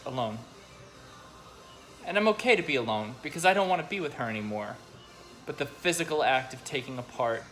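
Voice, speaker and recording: A young man recording a personal video diary, halting and emotional, choked up at times and pausing often with fillers. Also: mid-range voice, fairly bright tone. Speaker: vlogger.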